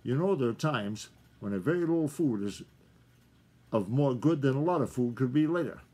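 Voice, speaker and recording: A man's voice: medium pitch, animated, normal speed, breathy edge. An old man voicing a wise old granny fox. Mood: grateful, weary. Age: older. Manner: soft and gentle, turning stern. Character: old, shrewd, hungry female fox, stern but tender.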